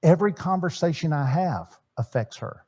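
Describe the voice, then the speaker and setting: A man's voice: fairly high pitch, expressive, normal speed, darkish tone, breathy edge. A middle-aged man teaching at a church marriage seminar, talking conversationally and acting out bits of dialogue. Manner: conversational, acts out quoted dialogue, repeats words.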